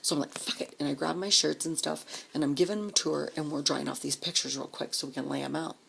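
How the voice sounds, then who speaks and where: Low, gravelly-voiced woman telling a story. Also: fast talker. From Denver area, US. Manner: profane, animated, acts out quoted voices, drops to whispers. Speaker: vlogger. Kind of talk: casual storytelling.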